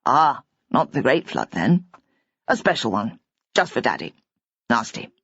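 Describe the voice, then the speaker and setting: A woman voicing a whimsical, good-humoured older father who drawls and gently teases. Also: extremely low pitch, very animated, unhurried, husky, dry recording, voice pushed down, full character voice. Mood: teasing. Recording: dull, dry lo-fi audiobook recording.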